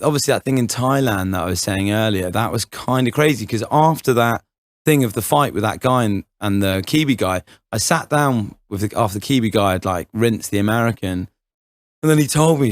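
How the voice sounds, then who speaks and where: A young man rambles through an anecdote, stacking fillers and restarts and laughing often. His voice sits fairly low, and the sound is dry and close. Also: fairly quick, no echo. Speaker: podcast co-host. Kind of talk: casual chat, storytelling.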